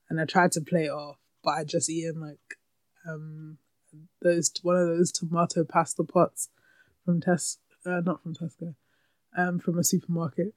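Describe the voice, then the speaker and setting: A woman's voice: low-pitched, a bit bright, no room sound. Candid woman podcasting from home. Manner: candid and chatty, often laughing. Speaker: podcast host. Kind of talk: casual solo podcast chat. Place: room at home with window open. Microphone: podcast microphone, close.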